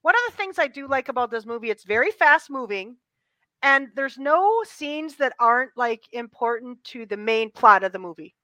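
Woman co-host, high bright voice, very lively delivery, dry close sound, casual film chat. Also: normal speed, no echo. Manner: animated, laughing, acts out quotes. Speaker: podcast co-host. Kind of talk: casual chat about a movie.

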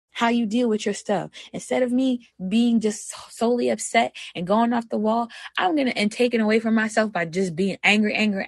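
A young woman hosting a personal podcast, talking candidly. She moves between soft reflection and animated self-talk. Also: medium pitch, dry recording. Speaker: podcast host.

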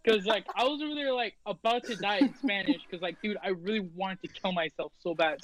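A young man with a high voice tells a story in a casual chat. He talks emphatically and exaggerates as he goes. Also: brisk, crowd noise, rough recording.

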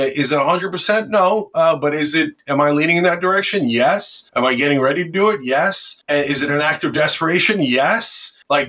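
A man talking as a podcast guest about politics, impassioned and combative, with a husky voice. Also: on the high side, bright, forceful tone. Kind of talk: animated political interview talk.

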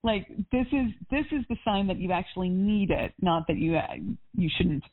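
A woman's voice: mid-range voice, animated, moderate pace. A woman life coach on a coaching call, chatty and upbeat, with lots of casual fillers. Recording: tinny phone line.

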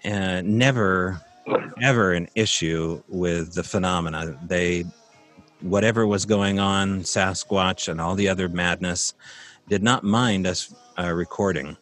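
A man's voice: low voice, measured pace, a bit bright, faint music behind. A man casually telling a long, rambling story from his rural property, with many fillers and restarts.

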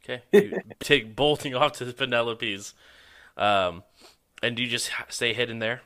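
Bright-voiced man running a tabletop game. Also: medium pitch, normal speed. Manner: laughs often, teasing. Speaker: game master.

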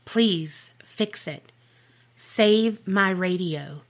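A grieving old school janitor pens his last letter in a storybook reading, as a woman reads it out. The voice sits low and hushed, slow and grave. It is a plain reading voice rather than a big character turn. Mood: despairing. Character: despairing old male school janitor writing a farewell letter. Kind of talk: scripted narration.

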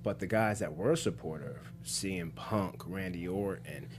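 A man chatting casually as a guest, telling lively stories and acting out the voices in them, stumbling over his words when excited. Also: sits low, unhurried. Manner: animated storyteller, acts out voices in anecdotes. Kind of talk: casual podcast chat, storytelling.

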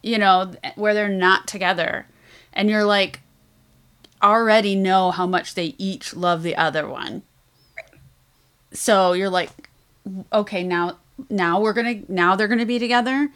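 A woman co-hosting a podcast in casual chat. She tells her stories with animation and acts out the lines she quotes. Her voice sits at a moderate middle pitch. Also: measured pace, long pauses, smooth. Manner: animated storytelling, acting out quotes. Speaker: podcast co-host.

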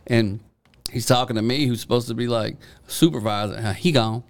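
Gravelly, laid-back man on a podcast. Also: medium pitch, fairly quick. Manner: laid-back, profane, laughs often. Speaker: podcast co-host. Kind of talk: casual podcast banter. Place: indoor podcast studio.

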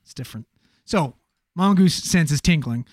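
Profane, fast-telling man with a dry sound. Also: on the high side, no echo. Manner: animated, profane, filler-heavy storytelling. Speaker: emergency medical worker. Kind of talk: casual storytelling chat.

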